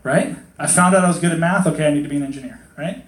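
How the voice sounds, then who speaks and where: Male pastor, slightly high voice, loose chatty sermon, plays out quotes in voices, echoey hall. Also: fast. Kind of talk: casual sermon. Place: hot hall with a congregation.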